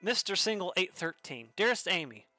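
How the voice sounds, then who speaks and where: Cheesy would-be romancer, soft and hammy, bright tone , a man putting him on. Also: sits high, sing-song, moderate pace, no echo, full character voice. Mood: romantic. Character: cheesy smooth-talking man on a dating site.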